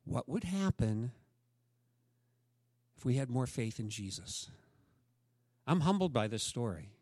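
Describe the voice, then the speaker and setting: A male pastor preaching a sermon, telling a story in an animated way with asides and questions for the congregation. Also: medium pitch, measured pace, no room sound, studio quality.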